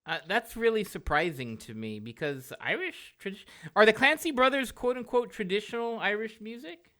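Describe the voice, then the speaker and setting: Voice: mid-range voice, lively intonation, moderate pace, bright, forceful tone. A co-host chatting casually and asking teasing, curious questions. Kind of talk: casual chat.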